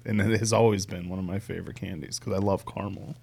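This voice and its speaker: A man with a fairly low voice hosts a casual podcast chat. He jokes around and laughs often as he talks. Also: steady tone, quick pace, creaky, darkish tone, dry recording.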